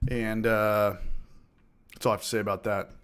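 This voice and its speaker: A man hosting a casual homebrewing livestream with a loose, profane manner, repeating phrases, giving shout-outs and now and then fighting off a smoker's cough. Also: on the low side, little pitch movement, moderate pace, clean tone. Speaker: livestream host of a homebrewing channel. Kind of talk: casual livestream chat, reading out viewer comments.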